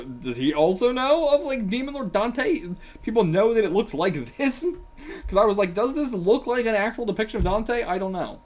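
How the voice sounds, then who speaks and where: Excitable man reacting to manga. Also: mid-range voice. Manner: excitable, swears freely, laughs often. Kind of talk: casual reaction commentary.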